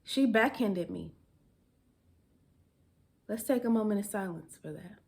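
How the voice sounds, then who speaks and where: A young woman tells a story from her own life in a relaxed, conversational way. She laughs often between lines and uses dialect grammar. Her voice sits at a middle pitch for a woman. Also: measured pace, gravelly, a little hiss or hum. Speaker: storytime vlogger. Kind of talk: casual storytelling.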